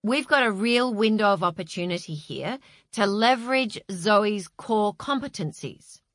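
A woman's voice: mid-range voice, animated, a little slow, no echo, natural voice. A woman voicing a confident woman who speaks in assertive corporate jargon. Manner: poised, assertive, jargon-heavy.

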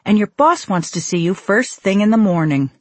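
A woman's voice: medium pitch, expressive, normal speed, no echo, natural voice. Woman reading a patient cartoon mom. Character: middle-aged cartoon mother, patient and worried.

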